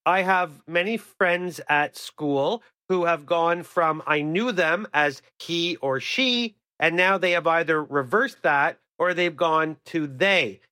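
A man's voice: a little high, takes it slowly, hardly any pauses, bright, forceful tone, dry recording, studio quality. A man co-hosting a radio show, giving advice in an earnest, emphatic, opinionated way. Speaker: radio co-host.

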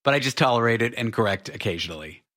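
A man's voice: mid-range voice, animated, fast talker, a bit bright. A man in his forties from Canada, co-hosting a radio talk show in a chatty, self-deprecating way. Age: 40s. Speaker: radio co-host. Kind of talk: casual radio chat.

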